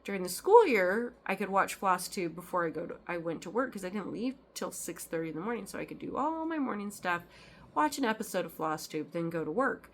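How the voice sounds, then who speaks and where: A woman's voice: mid-range voice, sing-song, fairly quick, fairly bright tone, slight background noise. A woman chatting casually as a cross-stitch vlogger, rambling with lots of ums and restarts. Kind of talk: casual chat.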